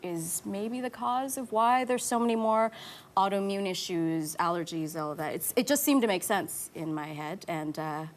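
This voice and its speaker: A woman in her thirties, an actor, talking candidly as a talk show guest and laughing often. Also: mid-range voice. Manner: candid, quick to laugh, mimics voices in anecdotes. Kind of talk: casual interview chat.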